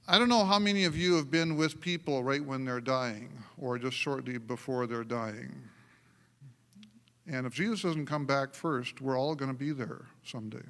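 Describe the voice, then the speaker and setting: A male pastor preaches with animated storytelling, often laughing and restarting mid-sentence. His voice is higher than usual and bright. It rings through a church hall with long reverb. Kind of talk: sermon. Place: church sanctuary.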